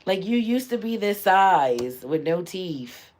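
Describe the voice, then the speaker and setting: A woman comedian hosting a casual livestream, talking in an animated, loud and teasing way, full of slang. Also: fairly low pitch, slow pace.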